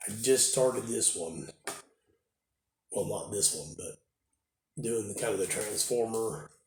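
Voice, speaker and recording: A man's voice: fairly low pitch, slow, a little mellow. A man with a cold and a stuffed-up voice, rambling casually into his phone camera at home, repeating himself and trailing off. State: congested with a cold. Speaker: toy collecting vlogger. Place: at home indoors. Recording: echoey room with faint noise.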